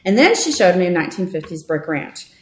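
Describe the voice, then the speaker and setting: A woman's voice: lowish voice, quick pace. A woman in her thirties, a realtor, talking casually and animatedly in an interview, with many fillers. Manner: chatty, animated storytelling with fillers. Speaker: realtor guest. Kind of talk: conversational interview. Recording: roomy echo.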